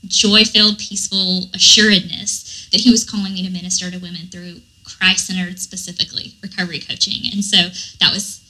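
On a rough recording, a woman with a Southern American accent talks fairly quickly in a lowish voice, barely pausing. She's a guest dietitian and recovery coach in a casual interview, telling stories earnestly and animatedly, with lots of fillers.

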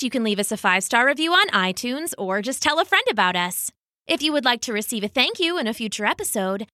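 A woman narrating a scripted children's story as the podcast's storyteller, telling it slowly and with many acted voices. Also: high-pitched, pushed and bright, dry recording, studio quality.

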